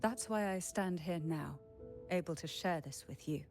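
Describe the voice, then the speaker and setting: An actress voicing a cool, composed young woman in a game, speaking in a slow, low and measured way. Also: a little mellow, faint music behind, close to an everyday voice. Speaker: game character. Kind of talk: voiced game dialogue.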